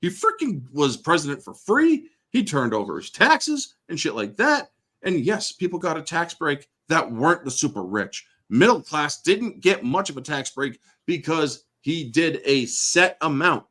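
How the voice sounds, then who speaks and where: Profane, animated ranting male host. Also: fairly high pitch, a little slow. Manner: blunt, swears constantly, sarcastic. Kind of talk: profane political rant.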